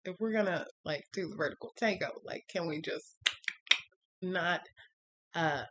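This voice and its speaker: Slow-talking woman telling a candid personal story. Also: very noisy. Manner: candid, rambling, full of fillers, quotes people in a higher voice. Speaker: vlogger.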